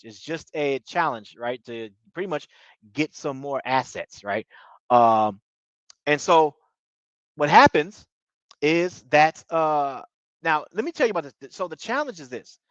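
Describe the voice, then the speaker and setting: A man's voice: on the high side, fairly bright tone, dry recording. A man with a slightly raised voice talks through a TV episode in a loose, rambling way, circling back on his words and tossing in filler phrases. The recording is dull and lo-fi, and very dry, with no room sound. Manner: rambling, repeats himself, fillers like "you know what I mean". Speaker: TV show reviewer. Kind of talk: casual episode recap.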